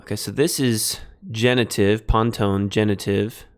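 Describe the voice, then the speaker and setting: A man streaming a Greek translation lesson, thinking aloud in a halting way and pausing while he writes notes. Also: lowish voice, fairly even intonation. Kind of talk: relaxed live-stream teaching.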